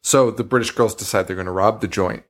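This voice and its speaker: A man's voice: fairly low pitch, fast. A man co-hosting a horror podcast, recapping a movie in casual chat, swearing freely, laughing often and acting out the characters' lines. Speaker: podcast co-host.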